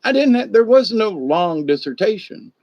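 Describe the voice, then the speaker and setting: Older man, stream host, rambling folksy storytelling, fairly high voice, dull lo-fi dry recording. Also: sing-song, normal speed, a little mellow, no room sound. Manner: folksy, meandering, many filler asides. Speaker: livestream host.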